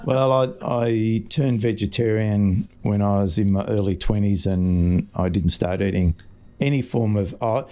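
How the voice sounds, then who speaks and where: A man in his sixties with an Australian accent, a fish market owner telling relaxed stories in a casual interview. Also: lowish voice, measured pace. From Scotland. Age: 60s. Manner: relaxed anecdotal storytelling.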